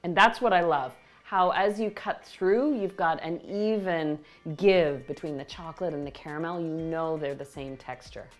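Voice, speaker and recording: A woman hosting a baking show, explaining each step with clear, enthusiastic instructions from a kitchen. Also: low-pitched, moderate pace, few pauses, faint music behind. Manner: warm, explanatory, enthusiastic about the food. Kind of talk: cooking demonstration.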